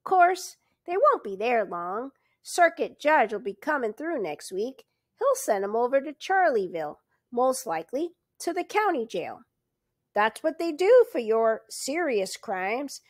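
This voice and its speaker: Woman reading as a gabby backcountry lawman, loud, folksy and suspicious, slow-talking with a lively, swooping voice. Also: fairly high pitch, no room sound, studio quality. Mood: folksy grumbling. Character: chatty grumbling rural male constable, middle-aged.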